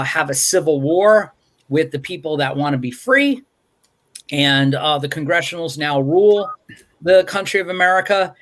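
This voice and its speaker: A man's voice: on the high side, a bit bright. A man hosting a casual live-stream movie review over a video call, rambling and wry with frequent fillers and restarts. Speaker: movie review show host.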